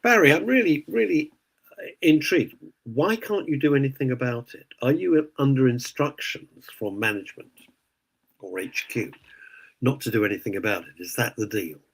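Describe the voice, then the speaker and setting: A man's voice: medium pitch, expressive, moderate pace, breathy edge, poor audio. A man hosting a radio show, ranting indignantly in casual opinionated chat. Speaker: radio host.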